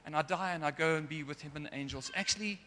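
A man's voice: a little high, fast talker, bright, forceful tone. Earnest man preaching. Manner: earnest, gets emotional at times. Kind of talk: sermon. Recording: long hall reverb.

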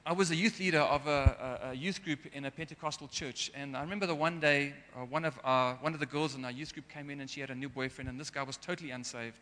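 A man's voice: mid-range voice, fairly even intonation, fast talker, hardly any pauses, bright, forceful tone. A man preaching a sermon in an earnest way, sometimes getting emotional. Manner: earnest, gets emotional at times. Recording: long hall reverb.

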